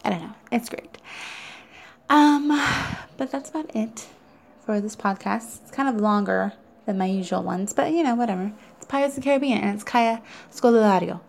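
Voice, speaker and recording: A woman's voice: mid-range voice, moderate pace, vocal fry, a little mellow. A young woman hosting a casual podcast, rambling and chatty as she reviews a film. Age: young adult. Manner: chatty and rambling, with many fillers. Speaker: podcast host reviewing films. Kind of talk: casual chat.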